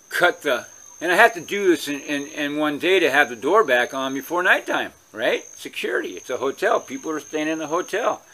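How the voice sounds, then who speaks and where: A man from California rambles through a casual story for his channel. His voice is bright and ringing and sits a touch high, and he keeps circling back and restarting his sentences. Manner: rambling, chatty, many restarts. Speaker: vlogger.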